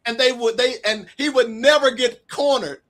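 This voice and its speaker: A man's voice: very high voice, normal speed. A middle-aged man, an author being interviewed, telling stories in a casual way and acting out the dialogue. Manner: animated storyteller acting out quoted dialogue. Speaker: author guest.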